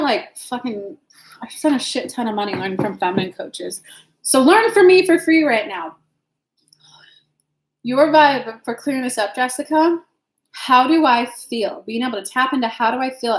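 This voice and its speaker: Chatty woman with a fairly high voice, echoey room. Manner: chatty, frank, swears casually, addresses viewers by name. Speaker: intuitive reader hosting a live stream. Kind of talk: casual live-stream advice and Q&A.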